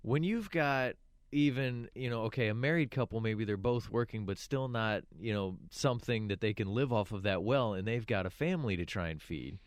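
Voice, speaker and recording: A man's voice: on the low side, normal speed, no echo, studio quality. A man co-hosting a radio talk show, chatting casually and agreeing often before making his own points. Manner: steady, agreeable, backchannels often.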